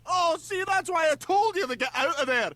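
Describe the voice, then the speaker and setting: Scottish cartoon man yelling at his tv, high squawky voice, scolding nonstop, swoops up and down. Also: expressive, moderate pace, slight background noise, exaggerated voice. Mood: ranting. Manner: scolding, ranting, shouting at characters on screen. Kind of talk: cartoon voice acting.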